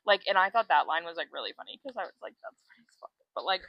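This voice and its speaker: A woman's voice: fairly low pitch, expressive, rapid-fire, no room sound, lo-fi sound. A woman co-hosting a casual podcast, retelling a story in a rush of "like" and swear words. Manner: breathless retelling full of "like", swears freely. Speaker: podcast co-host. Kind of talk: casual chat.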